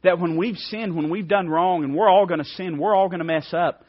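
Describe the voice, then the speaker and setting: A male preacher delivering a fervent sermon, swinging between loud emphasis and hushed, soft passages. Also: sits high, brisk, muffled recording.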